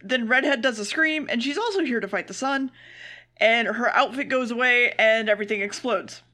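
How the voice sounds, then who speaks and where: Give me a woman with a bright voice giving a blunt, deadpan recap of an anime. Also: a little high, moderate pace. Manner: blunt, swears freely, deadpan summaries. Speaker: podcast co-host. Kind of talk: casual comedic anime recap.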